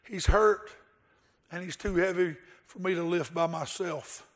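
A man's voice: high voice, steady tone, a little slow, a bit bright, heavily acted. A man acting out a frightened young boy who pleads and stammers. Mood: pleading.

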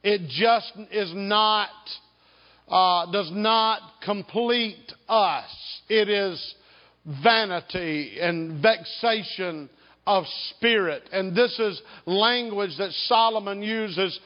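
Slow, emphatic preacher in a reverberant hall. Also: male voice, high voice. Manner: slow, emphatic, draws out key words; leads congregation in call and response. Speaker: pastor. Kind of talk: sermon. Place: church sanctuary. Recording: dull sound with long hall reverb.

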